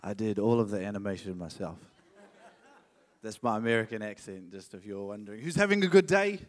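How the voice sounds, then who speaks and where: A man's voice: on the low side, expressive, brisk. A man preaching a casual, joking sermon in a church, chatting with and hyping up the congregation. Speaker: pastor. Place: church hall.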